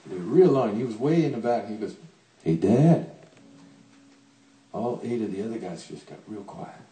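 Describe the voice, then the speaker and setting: An older man, a songwriter, telling a comic story on stage in a folksy, animated way, playing out the people he quotes, to a laughing audience. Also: lowish voice, quick pace, roomy sound, distant mic, rough recording.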